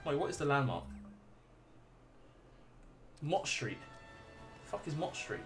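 A man's voice: fairly high pitch, big pitch swings, unhurried, music in the background. Swearing, laughing gaming streamer man. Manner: profane, laughing reactions while chatting with viewers. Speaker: gaming livestreamer. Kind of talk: casual let's play commentary.

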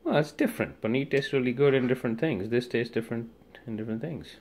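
A man's voice: medium pitch, fast talker, darkish tone, a little hiss or hum. A man in casual kitchen banter, playful and bossy as he teases his friend while cooking. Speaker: home cook vlogger. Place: home kitchen.

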